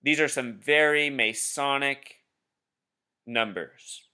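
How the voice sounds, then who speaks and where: Guy walking you through his screen, insistent and conspiratorial, bright edgy voice. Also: mid-range voice, takes it slowly, clean tone. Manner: addresses viewer as "Truth Seeker". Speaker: video blogger. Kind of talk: casual screen-share commentary.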